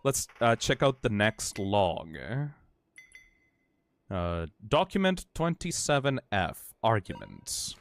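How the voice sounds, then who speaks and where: Man, game streamer, unhurried delivery, wide swooping pitch, emotional, swears, reads dialogue aloud. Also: sing-song. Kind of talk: live game commentary, reading dialogue aloud.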